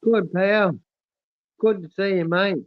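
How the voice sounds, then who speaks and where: Aussie guy hosting a livestream, sounds tinny like a phone, kinda high voice, keeps saying mate and brother. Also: fairly even intonation, takes it slowly, a little hiss or hum. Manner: warm, effusive, calls everyone mate and brother. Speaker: livestream host. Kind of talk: casual livestream chat reading comments.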